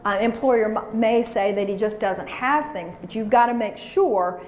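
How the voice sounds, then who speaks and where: A woman's voice: a little high, unhurried, darkish tone. A woman giving a live career workshop, coaching emphatically and drilling phrases with her audience. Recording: roomy echo, faint background noise.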